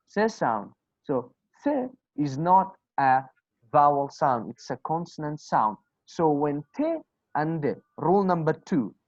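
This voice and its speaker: Slow, deliberate male English teacher. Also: on the high side, no room sound. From Kurdistan. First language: Kurdish. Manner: slow, drills words aloud, asks and answers his own questions. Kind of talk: online English lesson. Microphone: video call. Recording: dull lo-fi call audio, dry.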